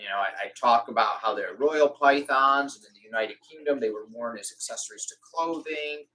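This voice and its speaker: A young man hosting a casual live-stream Q&A, chatty, acting out conversations in lively quoted voices. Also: medium pitch, low-quality recording. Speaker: reptile rescue host.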